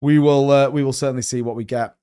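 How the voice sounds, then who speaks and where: A young man hosting a crypto live stream, talking fast and excitedly in a rambling, casual way while reading viewer comments. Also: medium pitch, clean tone.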